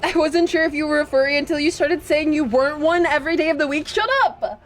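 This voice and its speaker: A woman's voice: sits high, fairly even intonation, fast, a little hiss or hum. A woman streaming a video game, chatting casually with her audience and playfully protesting their teasing. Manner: playful, protests teasing from chat with mock indignation. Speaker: VTuber streamer. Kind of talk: casual gaming stream chat.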